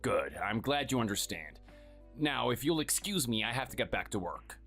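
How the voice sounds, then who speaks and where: A man's voice: sing-song, normal speed, vocal fry, a bit bright, faint music behind, exaggerated voice. A man playing a scornful, bossy husband who belittles his spouse, in a dramatized story. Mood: contemptuous. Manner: sneering and dismissive, low and clipped.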